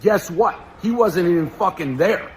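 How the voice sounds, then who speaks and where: A man's voice: sits high, animated, normal speed, a little mellow, a little hiss or hum. A man in a played clip, ranting angrily with heavy swearing and emphatic repetition. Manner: profane, heated, emphatic. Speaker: media personality in played clip.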